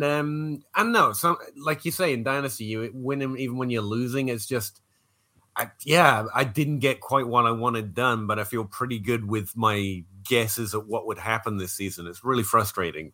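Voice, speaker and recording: A man with an English accent, a guest on a casual podcast, talking in an animated, self-deprecating way and laughing at himself. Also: mid-range voice, moderate pace. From England.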